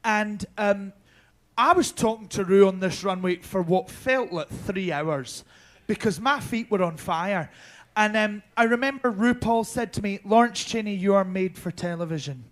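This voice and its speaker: High-voiced Scottish man spinning anecdotes. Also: unhurried. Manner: chatty, swears freely, many ums and restarts. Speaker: drag performer, viewing party panelist. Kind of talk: casual anecdote telling.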